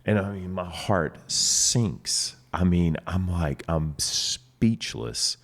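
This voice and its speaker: Middle-aged man, very low voice, lively guest storyteller, outdoor chat. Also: slow. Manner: enthusiastic storyteller, acts out dialogue. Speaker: winery co-owner, guest. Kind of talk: casual storytelling. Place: outdoors in a vineyard.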